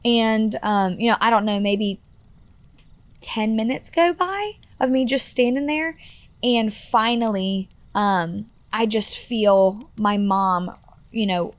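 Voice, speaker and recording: A woman in her twenties, a guest on a podcast interview, earnestly rambles through stories from her own past, relying on "like" and "you know". Her ordinary middle-pitched voice sounds dry and close, with no room sound or echo.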